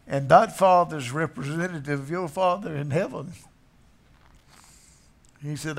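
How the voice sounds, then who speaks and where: A man's voice: on the high side, measured pace, pauses often. A man preaching a sermon, telling a story in a folksy way and acting out its characters. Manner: folksy, acts out voices in the story.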